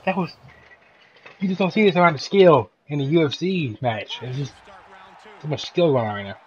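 A man's voice: a little high, fairly quick, highs cut off. A young man commentating his own fighting-game match, swearing and joking at the computer opponent. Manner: loud, profane, jokey trash talk at the game. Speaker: gaming video host. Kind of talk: profane gameplay commentary.

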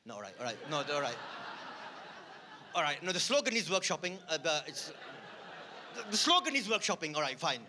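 A man performing live stand-up, swinging from muttered asides to loud rants. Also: fairly high pitch, big pitch swings, brisk, pauses often, slight background noise. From United Kingdom. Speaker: stand-up comedian. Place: theatre stage.

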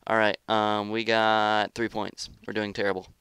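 A man with a lowish, gravelly voice calls out his own match as he plays. He is excitable, taunts opponents and grumbles about lag in casual gameplay commentary. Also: normal speed, no room sound, clean studio sound. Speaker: gaming YouTuber.

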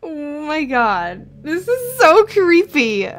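A woman's voice: high voice, wildly swooping pitch, slow, a little hiss or hum. A young woman playing a game and commenting on it, jumpy and nervous, often laughing. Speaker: let's play host.

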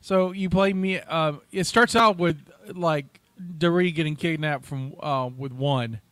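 A man co-hosts a casual movie podcast, his voice sitting a little high for a man. He is close on the mic in a completely dry sound. He talks through movie trivia in a chatty way, trips over names and laughs at his own jokes. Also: a little slow, fairly bright tone, clear, resonant tone, no room sound.

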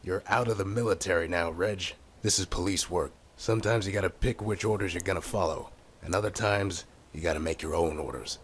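A man playing a gruff noir police detective, very low voice, deadpan game narration, faint hiss. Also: fairly quick, hardly any pauses, natural voice. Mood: terse. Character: hard-boiled male police detective narrating noir-style. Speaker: game character.

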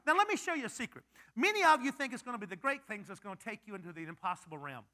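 A male pastor delivering a sermon in a notably high, bright voice, cracking jokes and firing questions at his congregation. His pitch swings widely as he preaches. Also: rapid-fire, a little hiss or hum. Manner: animated, joking, quizzing the congregation.

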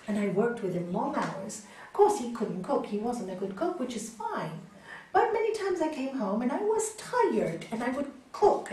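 A woman yoga teacher lecturing a class, telling stories with lively acted-out quotes. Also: a little high, reverberant, far from the mic, a little hiss or hum, low-quality recording. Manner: animated storytelling, acts out quoted voices. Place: large hall.

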